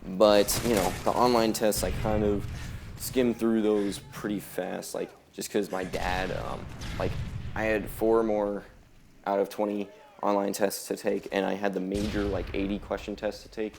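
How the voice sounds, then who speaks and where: Young male gameplay commentator, low-pitched and gravelly, loose rambling delivery with loud gunfire underneath. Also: little pitch movement, normal speed, noisy background. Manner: rambling, laid-back, heavy on filler words. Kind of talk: casual chat over gameplay. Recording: loud gunfire from game audio behind voice.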